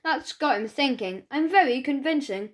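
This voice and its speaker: A woman reads a children's audiobook aloud, speaking as a schoolboy in a chatty, first-person way. Her voice sits high and bright. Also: expressive, moderate pace. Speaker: audiobook narrator.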